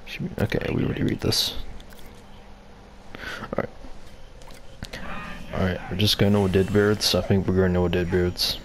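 A man's voice: low voice, little pitch movement, normal speed, pauses often, slight background noise. A man giving casual, rambling commentary as he plays a video game, reading on-screen text aloud. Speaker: gamer.

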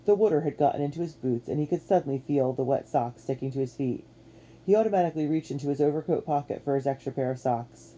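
A woman giving a measured, expressive narration of a children's storybook. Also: low voice. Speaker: audiobook narrator.

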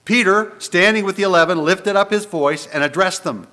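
A man delivers a church sermon in a higher-pitched voice, brisk and with few pauses. As the pastor, he's animated and conversational, throwing many rhetorical questions at the congregation.

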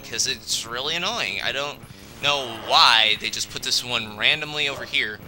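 A man's voice: mid-range voice, normal speed, pushed and bright, a little hiss or hum. A young man giving casual, joking game commentary, chatty and a bit grumbly.

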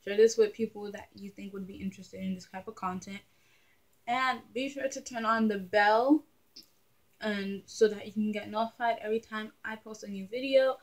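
A young adult woman talking casually to camera in her vlog, chatty and animated, often laughing. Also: medium pitch, moderate pace. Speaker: vlogger.

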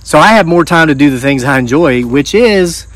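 A man's voice: on the high side, expressive, normal speed, no echo. A man hosting a channel, reading viewer stories aloud with casual joking asides.

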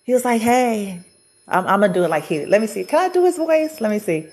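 A woman's voice: medium pitch, lively intonation, brisk, darkish tone. Chatty woman telling a laughing story. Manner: chatty, laughs often, acts out quotes. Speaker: spiritual storytime vlogger. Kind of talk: casual storytelling monologue.

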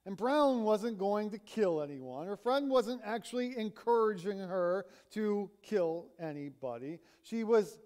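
Male preacher in a church sanctuary, a sermon storyteller, slow and measured, clear resonant tone. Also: sits high, animated, a little mellow. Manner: storytelling, retelling a conversation. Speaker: pastor.

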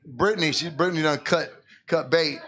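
A man's voice: fairly high pitch, moderate pace, fairly bright tone. A pastor leading a church service with children, playful and joking, often laughing as he talks. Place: church in Philadelphia.

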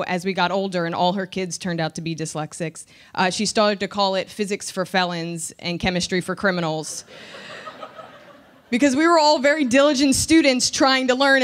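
A woman comedian in her thirties from New Jersey, telling a personal story candidly and with self-deprecating humor. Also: mid-range voice. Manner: candid, self-deprecating, animated when recounting.

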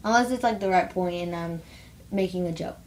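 A woman's voice: lowish voice, fairly quick, a little mellow, slight background noise. Blunt rambling teen girl vlogger. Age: teens. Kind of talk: casual rant to camera.

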